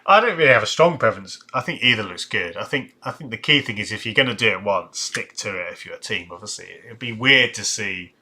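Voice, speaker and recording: A man hosts a live stream reviewing football shirts, reading out viewer chat comments and thinking aloud with many fillers and restarts. His lowish voice is bright, forceful and slightly rough, and he talks briskly and expressively with few pauses.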